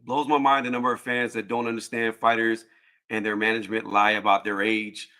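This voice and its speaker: A man hosting a casual boxing livestream panel, joking loudly and cursing, with frequent laughs and trash talk. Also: lowish voice, little pitch movement, fairly quick.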